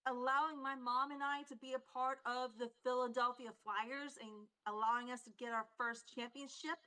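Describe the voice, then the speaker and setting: A woman taking part in a live-streamed draft, chatting casually and making quick asides. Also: sits high, fairly even intonation, pushed and bright, clean tone.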